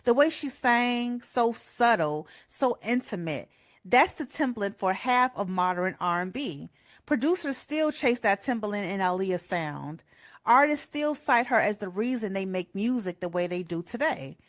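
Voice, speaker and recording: A middle-aged woman hosts a radio show in a heartfelt, chatty way. Her voice sits at a medium pitch and cracks with emotion as she talks. The sound is close and dry, with no room echo. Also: animated, a little slow. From Chicago. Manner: heartfelt, chatty, says "y'all" a lot. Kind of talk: personal tribute monologue.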